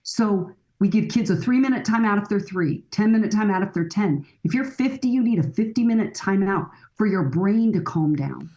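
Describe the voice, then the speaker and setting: A woman's voice: mid-range voice, animated, moderate pace, hardly any pauses, warm tone, poor audio. A middle-aged woman speaking as a guest expert in a podcast conversation, earnest and coaching, often acting out bits of dialogue.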